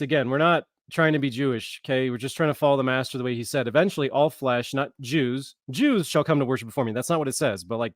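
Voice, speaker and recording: A man's voice: mid-range voice, no echo, clean studio sound. A man hosting his own channel, giving a casual live-streamed Bible lesson, talking informally and stopping to sound out Hebrew words. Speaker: channel host, Bible teacher.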